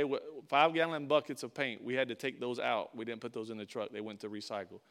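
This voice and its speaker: Animated storytelling preacher, man. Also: mid-range voice, smooth. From Florida. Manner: animated storyteller, acts out quotes, big swings in loudness. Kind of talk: sermon storytelling.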